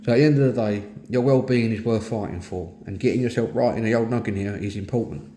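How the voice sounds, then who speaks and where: A man's voice: lowish voice, fast, warm tone. A middle-aged man with a Cockney accent from East London, talking candidly and bluntly about his mental health. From East London, England. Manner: plain-spoken, earnest, blunt. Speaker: host of a mental health talk. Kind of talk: candid personal monologue. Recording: echoey room with faint noise.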